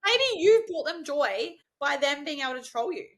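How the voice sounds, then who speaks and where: Aussie woman on a podcast, high-ish voice swinging all over, casual and sweary. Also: moderate pace. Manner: swears freely, animated, laughs often. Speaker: podcast host. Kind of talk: casual chat.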